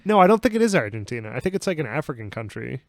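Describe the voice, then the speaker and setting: A man's voice: mid-range voice, sing-song, rapid-fire, creaky, no echo. A young man with a mid-range voice chats about films on a podcast, recorded close and dry. He's jokey, laughs a lot, and drops into character to quote scenes. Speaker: podcast co-host. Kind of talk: casual film chat.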